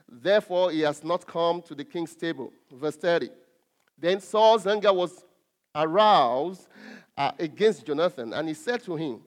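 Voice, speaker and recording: A man preaches a sermon in a fairly high voice. He leans hard on key words and draws them out, often stopping on fillers and restarting. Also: lively intonation. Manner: emphatic, drawn-out stresses with frequent fillers and restarts.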